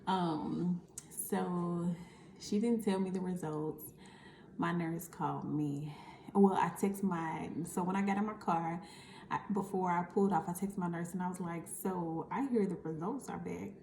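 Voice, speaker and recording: A woman talks to camera in a casual vlog, acting out the conversations she recounts. Her voice is gravelly and mellow. The room around her gives it a roomy echo. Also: lowish voice, unhurried, slight background noise. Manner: chatty storytelling, acting out quoted conversations. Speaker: vlogger.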